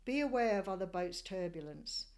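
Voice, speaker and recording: A woman from Australia giving scripted travel narration of a sailing voyage in a measured, descriptive storytelling manner. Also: on the low side, lively intonation, darkish tone.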